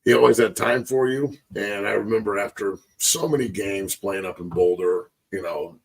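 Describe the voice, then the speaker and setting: A man with a low, gravelly, husky voice talks through sports memories in a loose, rambling way, choked up. His voice sits a little back from the mic. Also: moderate pace, far from the mic, poor audio. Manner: rambling, reflective, with fillers. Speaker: sports show host, former player. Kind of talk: casual sports talk.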